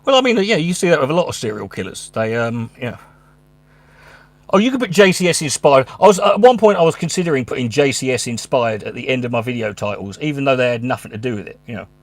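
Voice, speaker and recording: A man's voice: mid-range voice, animated, fast talker, no echo. A man, a stand-up comedian, talking casually at home in a rambling, sweary, stop-start way. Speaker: stand-up comedian and channel host. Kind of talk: casual monologue. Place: his room at home.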